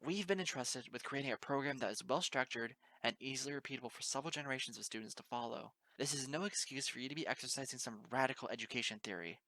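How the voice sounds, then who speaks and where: A man's voice: medium pitch, fast, hardly any pauses, pushed and bright, voice pushed up, poor audio. A man reading the part of an uptight, bookish young female pony librarian who scolds in a prim, exasperated way. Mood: scolding. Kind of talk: amateur audiobook reading.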